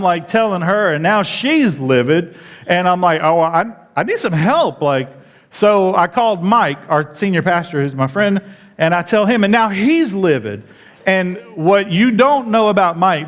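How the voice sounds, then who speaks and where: A pastor tells a story from the pulpit in a high tenor, his voice leaping up whenever he relives how indignant he was. The long reverb of a church auditorium hangs on every line. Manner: animated, jumps high when retelling his outrage. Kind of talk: sermon storytelling.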